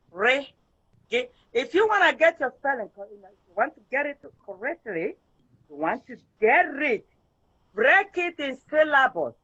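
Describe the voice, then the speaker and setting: High-voiced man teaching a language lesson. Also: pushed and bright, muffled recording. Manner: patient, drills syllables aloud.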